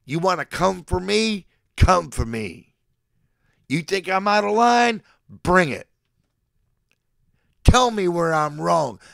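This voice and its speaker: Gravelly man in his forties ranting. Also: sits high, lively intonation, slow, pauses often, a bit bright, no echo, clean studio sound. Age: 40s. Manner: aggressive, profane, boastful threats; swings between threats and affection. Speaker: livestreamer addressing his chat. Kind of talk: mock-sermon rant to a live chat.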